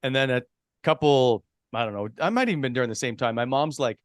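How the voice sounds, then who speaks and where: A man from New Brunswick, a broadcaster and podcast guest, telling his career story in a relaxed, chatty way. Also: mid-range voice, quick pace, no room sound, clean studio sound. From Canada, New Brunswick. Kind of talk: casual chat.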